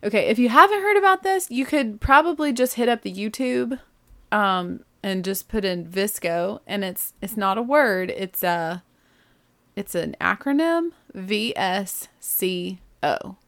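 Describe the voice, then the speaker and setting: A woman's voice: mid-range voice, lively intonation, measured pace, fairly bright tone. A woman, hosting a podcast in a rambling, chatty way with lots of "like" and self-corrections. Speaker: podcast host. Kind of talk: casual solo chat.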